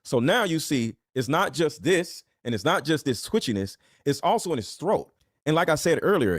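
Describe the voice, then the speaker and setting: A man doing casual, blunt reaction commentary as a streamer, full of slang and loud laughing outbursts. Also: fairly high pitch, dry recording, studio quality.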